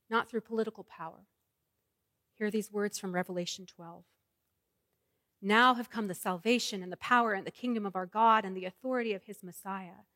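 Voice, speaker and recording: A woman's voice: mid-range voice, a bit bright, no echo, clean studio sound, big-room sound. A woman pastor preaching a sermon in a rhythmic, repetitive cadence and leading her congregation in prayer.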